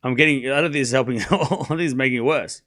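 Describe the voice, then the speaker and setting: A young man with a medium-pitched, fairly bright voice rattles off rapid-fire play-by-play of a live tennis match for his stream viewers. He's chatty and pokes fun at himself, tripping over the players' names as he goes.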